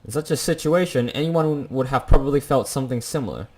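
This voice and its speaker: A man's voice: mid-range voice, fast talker, darkish tone, a little hiss or hum. A young man playing a visual novel, reading its text aloud and cracking jokes in between. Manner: jokey asides between dramatic read lines. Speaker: let's play gamer.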